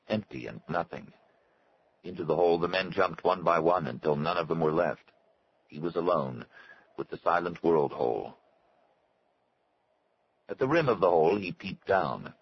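Man, deep low voice, measured story narration, slightly muffled recording. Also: slight background noise. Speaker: audiobook narrator. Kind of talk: scripted narration.

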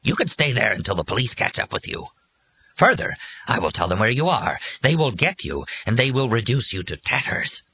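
A man narrating a storybook and voicing a furious giant male bird creature that scolds and shrieks in a husky, very high voice. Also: big pitch swings, moderate pace, sharp tone, heavily acted. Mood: scolding. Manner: ranting, scolding, shrill.

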